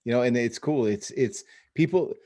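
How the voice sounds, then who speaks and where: A man's voice: medium pitch, moderate pace, mellow. A man hosting a casual podcast chat from the Phoenix area, talking in loose rambling bursts full of restarts and "dude". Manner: rambling, many restarts, says dude and bro. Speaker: podcast host. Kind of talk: casual chat over video call.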